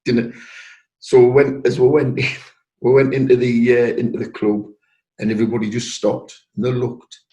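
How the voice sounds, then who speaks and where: Brief: older man, North East English accent, mid pitch, anecdotal interview in a roomy space. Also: normal speed. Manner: lively storyteller acting out quoted voices. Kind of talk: anecdotal storytelling. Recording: roomy echo.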